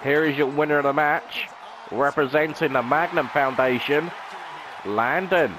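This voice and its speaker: Man, high voice, unhurried wrestling commentary, dramatic announcer tone, noticeable background noise. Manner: dramatic announcer delivery, rhetorical questions. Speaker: YouTube gaming channel host. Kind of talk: wrestling play-by-play commentary over a video game.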